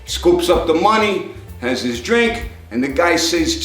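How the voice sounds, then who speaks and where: A man's voice: on the high side, expressive, a little slow, a bit bright, roomy sound, soft background music. A man telling jokes in a rambling, conversational way, raising his voice to act out the characters. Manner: rambling storyteller, acts out characters in raised voice. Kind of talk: joke telling.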